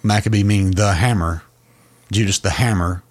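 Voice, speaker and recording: A man's voice: low voice, moderate pace, a little mellow, slightly rough. A man co-hosting a podcast, explaining a long story in a casual way, with frequent restarts. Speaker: podcast co-host.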